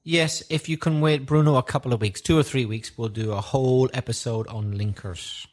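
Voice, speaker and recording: A man co-hosting a podcast who explains things in a relaxed, thoughtful way. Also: mid-range voice, normal speed. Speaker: podcast co-host. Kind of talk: conversational podcast chat.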